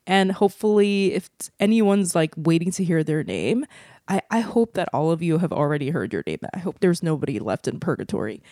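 A woman's voice: lowish voice, animated, brisk, dark tone, dry recording, clean studio sound. A woman hosting a podcast, chatty and rambling, with self-deprecating asides. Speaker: podcast host. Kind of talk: casual podcast chat.

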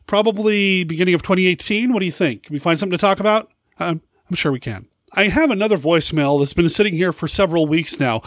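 A podcast host talks casually and with enthusiasm in a fairly high voice. The sound is dry and close. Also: male voice, no echo. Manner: enthusiastic, rambling.

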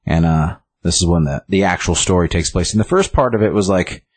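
Deep-voiced man rambling about comics. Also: brisk, breathy edge, dry recording. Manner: rambling, full of likes and ums. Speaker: comic book reviewer. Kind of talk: casual chat.

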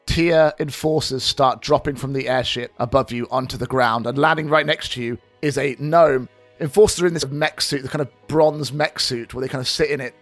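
A man narrating a tabletop game as game master in a steady, descriptive way. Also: mid-range voice.

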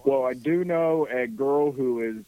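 A man from Ohio with a Midwestern accent, calling in by phone and chatting in a relaxed, plainspoken way. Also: mid-range voice, a little slow, no echo, narrow, tinny audio. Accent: Midwestern American. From Ohio, USA. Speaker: caller. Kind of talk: phone call-in chat.

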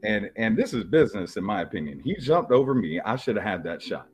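A man's voice: lowish voice, very animated, a little fast, slightly rough, soft background music. A man giving a brash, streetwise wrestling rebuttal, boasting about his titles. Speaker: podcast co-host, wrestler responding.

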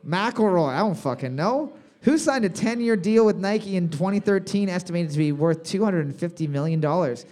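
A man's voice: high-pitched, expressive, normal speed, hardly any pauses, darkish tone. A man hosting a casual trivia game, reading questions and cracking crude jokes. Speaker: trivia host.

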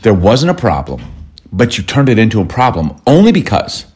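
A man, married over two decades, co-hosting a casual chat and telling stories in an animated way, acting out lines in changed voices. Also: fairly low pitch, fairly quick, breathy edge. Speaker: podcast co-host.

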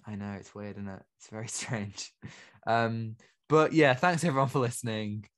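A man's voice: fairly low pitch, fairly even intonation, normal speed, fairly bright tone. A man co-hosting a film podcast in casual chat, teasing his partner and laughing often. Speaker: podcast co-host.

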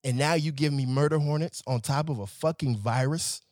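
A man who works as a nightlife promoter delivers an animated, exasperated and profane comedic rant. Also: fairly high pitch, normal speed, no echo, clean studio sound.

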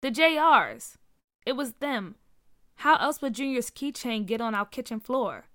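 A woman voicing an earnest young boy who calls out in high, excited cries. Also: a little slow, no room sound, clean studio sound. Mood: certain.

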